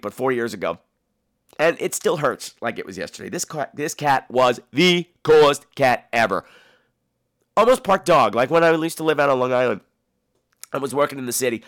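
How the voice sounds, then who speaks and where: A man's voice: fairly high pitch, dry recording, clean studio sound. A man hosting a podcast in a casual monologue, telling stories in a campy, theatrical way and swearing freely. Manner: animated, profane storytelling. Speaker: podcast host.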